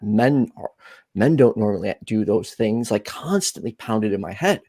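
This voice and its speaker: A man hosting a call-in show, chatting in an animated, goofy and openly self-reflective way. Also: lowish voice, normal speed, dry recording, clean studio sound. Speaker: show host. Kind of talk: casual chat on a call-in show.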